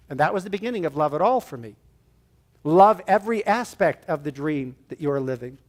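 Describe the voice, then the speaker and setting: This is a man with a notably high voice giving an inspirational talk to a church audience. He is animated, slipping into little acted scenes and drawing the room into a shared gesture. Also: brisk. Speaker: guest speaker at a church service.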